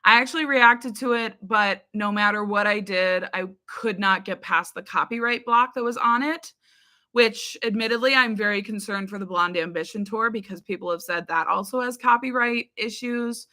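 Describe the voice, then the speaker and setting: Young woman, reaction creator, casual live chat, rambling, filler-heavy, laughs a lot, bright voice. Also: mid-range voice, normal speed.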